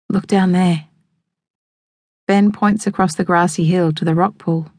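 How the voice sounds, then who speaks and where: A woman narrating a novel in the first person, measured and evocative. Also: on the low side, darkish tone, dry recording. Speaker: audiobook narrator. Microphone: close studio microphone. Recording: dry close studio sound.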